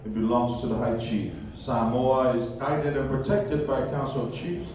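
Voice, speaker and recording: A man's voice: medium pitch, steady tone, moderate pace, a little mellow. Distant man explaining customs with dry humor. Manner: wry, joking asides. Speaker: cultural show presenter. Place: outdoor cultural show stage. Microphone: camera in the audience, far off. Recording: distant, echoey, noisy ambience.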